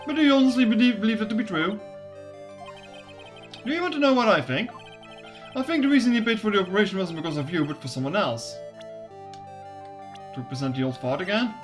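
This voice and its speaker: A woman's voice: medium pitch, lively intonation, fast, long pauses, over music, natural voice. A woman voicing an earnest young male defense lawyer who questions and persuades. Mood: probing.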